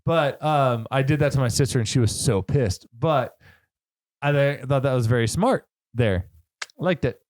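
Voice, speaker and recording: A man's voice: mid-range voice, normal speed, darkish tone. A man co-hosting a movie podcast, chatting casually and swearing freely. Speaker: podcast co-host. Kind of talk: casual chat.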